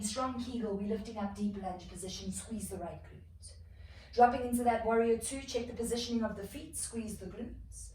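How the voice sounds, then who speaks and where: A woman yoga instructor calmly cueing a flowing class, slightly out of breath as she moves through the poses. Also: fairly high pitch. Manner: calm, flowing cues with soft exhales between moves. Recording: echoey room, distant mic, faint noise.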